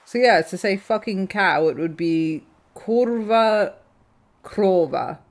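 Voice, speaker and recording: A woman's voice: on the low side, normal speed. A young British woman streaming a farming game, swearing freely and laughing through casual banter. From Britain. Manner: swears often, laughs between lines.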